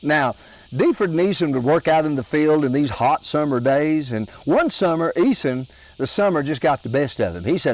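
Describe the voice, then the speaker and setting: An older man from Alabama with a Southern accent, telling homespun humorous stories in a slow, drawling way with chuckles. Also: mid-range voice, animated, a little mellow, low-quality recording. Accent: Southern American. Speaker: storyteller. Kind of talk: folksy humorous storytelling.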